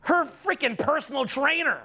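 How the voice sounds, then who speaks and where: Man, middle-aged, high voice, bright tone, emphatic seminar talk, repeats himself. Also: animated, normal speed. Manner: emphatic, repeats phrases, many fillers. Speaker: dating coach speaking to a live audience.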